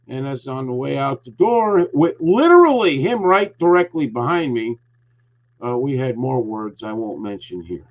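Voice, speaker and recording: A man's voice: fairly high pitch, animated, moderate pace. A man hosting a talk show, telling an angry story with lots of swearing and heat. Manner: profane, heated ranting storyteller. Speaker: podcast host. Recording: dull lo-fi recording.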